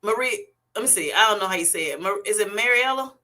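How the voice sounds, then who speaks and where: A woman's voice: mid-range voice, expressive, fast talker, pushed and bright. A woman hosting a livestream from her phone at work, reading out viewers' comments, laughing often and teasing them playfully. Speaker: livestream host.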